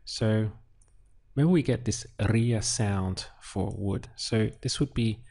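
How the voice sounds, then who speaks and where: A man teaching Spanish, calmly working through a translation step by step and thinking aloud with small pauses. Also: fairly low pitch. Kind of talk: unhurried lesson walkthrough while writing.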